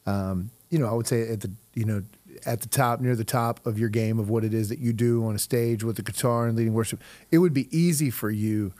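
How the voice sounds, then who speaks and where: A man's voice: medium pitch, fairly even intonation, fairly quick, mellow, no echo. A middle-aged man hosting an interview, telling stories with chuckles and searching phrasing. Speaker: host, youth leader. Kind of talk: casual interview chat.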